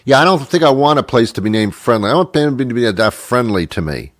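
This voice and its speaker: A man's voice: mid-range voice, animated, quick pace, no echo. Middle-aged guy host riffing a comedy bit, dry close sound, rambly and wry. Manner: rambling, self-interrupting, wry. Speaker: radio show host. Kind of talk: comedic monologue.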